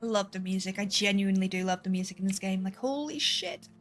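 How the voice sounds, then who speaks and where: A woman's voice: medium pitch, brisk, soft background music. A woman streaming a game, chatting casually, swearing freely and laughing often. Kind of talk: casual gameplay chat.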